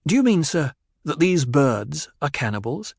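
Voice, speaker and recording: A man's voice: fairly high pitch, sing-song, normal speed, gravelly, no echo, studio quality, pitched above the performer's own voice, full character voice. A man voicing a composed teenage nobleman who speaks in a brittle, pointed way in a storybook reading. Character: sharp, poised teenage nobleman.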